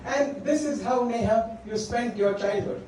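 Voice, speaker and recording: A man's voice: very high voice, background noise. A middle-aged man giving a father-of-the-bride speech, telling stories about his daughter and stopping often to say her name. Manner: warm storytelling, pausing to address his daughter by name. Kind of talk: wedding speech. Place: large function hall. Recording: echoey hall from far off, crowd faint. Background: guests laughing.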